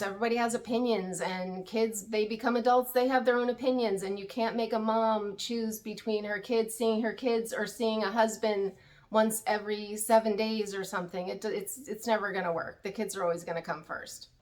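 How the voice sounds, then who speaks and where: Chatty opinionated woman recapping TV. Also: medium pitch. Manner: candid, opinionated, chatty asides. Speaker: reality TV recap YouTuber. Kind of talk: casual chat.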